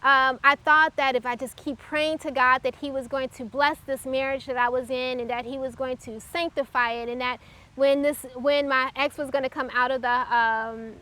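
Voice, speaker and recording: A woman with a high, bright voice shares her personal faith testimony. She speaks earnestly and reflectively, with frequent halting pauses. Her tone carries a clear, sharp edge. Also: flat delivery.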